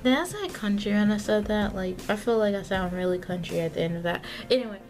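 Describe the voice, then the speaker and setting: A woman's voice: medium pitch, lively intonation, fairly quick, few pauses, darkish tone, faint music behind. A young woman filming herself at home for a casual vlog, rambling and correcting herself, with lots of fillers and asides. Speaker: vlogger. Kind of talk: casual self-filmed vlog talk. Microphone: camera mic, self-filmed.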